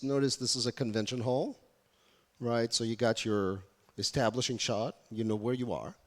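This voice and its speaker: A man's voice: mid-range voice, fairly even intonation, normal speed. A man giving a UX workshop talk to a live audience, engaging them with questions. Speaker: UX workshop speaker. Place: conference room. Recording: reverberant conference hall.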